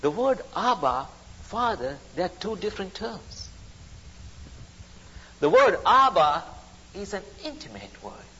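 A man's voice: high voice, big pitch swings, unhurried, long pauses, bright, forceful tone, slightly rough. A man preaching a sermon, speaking emphatically and repeating his phrases. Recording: dull recording in a reverberant hall.

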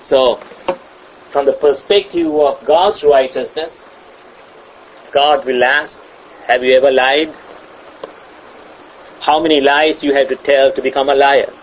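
Slow, emphatic male preacher, lo-fi. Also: medium pitch, steady tone. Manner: emphatic, repeats and restarts phrases, acts out quoted voices. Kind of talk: sermon. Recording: dull lo-fi sound with faint ambient noise.

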